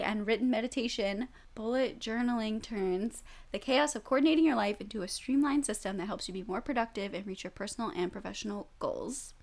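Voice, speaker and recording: A woman in her twenties co-hosting a podcast, chatting casually with lots of fillers. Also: fairly high pitch. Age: 20s. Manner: chatty, heavy use of filler "like". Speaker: podcast co-host. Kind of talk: casual chat.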